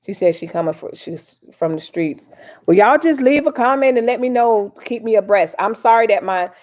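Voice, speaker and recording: A woman's voice: on the high side, lively intonation, normal speed, a little mellow. A woman hosting a casual live stream, chatting in a slangy, direct way to her viewers. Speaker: livestream host.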